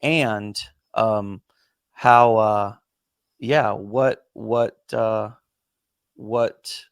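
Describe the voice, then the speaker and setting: A man's voice: on the low side, fairly even intonation, drawn-out words, clear, resonant tone, dry recording. A man hosting a conversational interview, rambling with many fillers and restarts and casual swearing. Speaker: podcast host.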